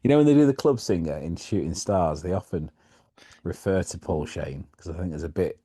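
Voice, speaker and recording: A man's voice: low-pitched, lively intonation, a little fast, dark tone, breathy edge, no echo, clean studio sound. A man co-hosting a podcast, chatting casually about an old sitcom episode, laughing often and trailing off with fillers. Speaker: podcast co-host.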